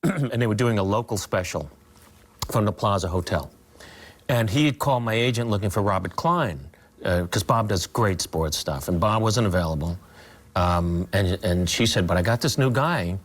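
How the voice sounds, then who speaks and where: A man in his sixties, a comedian and guest, telling stories in an interview, animated and slipping into impressions. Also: on the low side, moderate pace. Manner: animated, breaks into impressions and laughter. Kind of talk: storytelling in a talk show interview.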